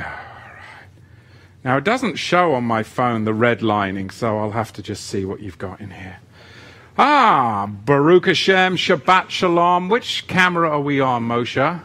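A man's voice: mid-range voice, bright, forceful tone. A man teaching a live-streamed lesson who reads the chat and greets viewers by name, with playful asides. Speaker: livestream teacher.

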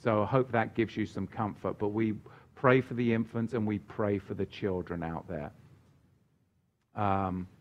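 A man's voice: fairly low pitch, fairly even intonation, unhurried. A man preaching as he answers viewer questions on a Bible Q&A livestream, emphatic and chatty, with joking asides. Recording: dull lo-fi stream audio.

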